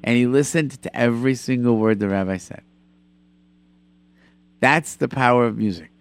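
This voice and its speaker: A man hosting a call-in radio show, chatting with callers and telling animated stories with lots of repetition. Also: mid-range voice, moderate pace. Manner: animated storyteller, repeats himself for emphasis. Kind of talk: call-in radio chat and storytelling.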